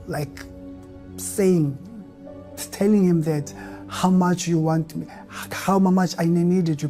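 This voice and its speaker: A man's voice: a little high, warm tone. A man giving a personal church testimony, speaking earnestly and with a heavy stutter that repeats the first syllables of words. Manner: earnest, emotional, rising to fervent outbursts.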